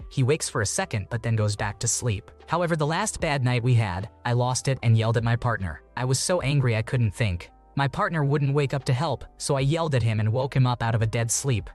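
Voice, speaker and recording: A man's voice: mid-range voice, lively intonation, a little fast, few pauses, a little mellow, faint music behind. Man reading online stories aloud. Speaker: narrator reading online posts.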